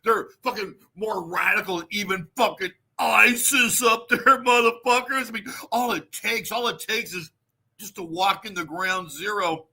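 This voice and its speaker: A man's voice: high-pitched, fairly even intonation, moderate pace, bright, forceful tone, husky. A man hosting a show who rants in a mocking, profane way and laughs often. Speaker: show host. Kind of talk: mocking comic rant.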